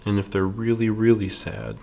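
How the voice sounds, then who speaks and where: A man teaches a step-by-step drawing lesson at a library, calm and patient, using many fillers and soft half-whispers as he draws. His voice is lowish and gravelly, at a moderate pace.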